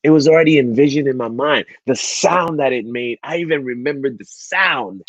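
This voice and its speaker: A man telling a motivational story at an online event, animated and acting out the dialogue as he goes. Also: medium pitch, moderate pace, dry recording. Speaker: speaker at a men's online event.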